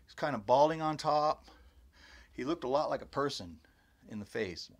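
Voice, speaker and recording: A man casually telling a story about something that happened to him, rambling and animated as he goes. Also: medium pitch, moderate pace. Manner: rambling and animated, acts out others' exclamations. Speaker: storyteller recounting his own encounter.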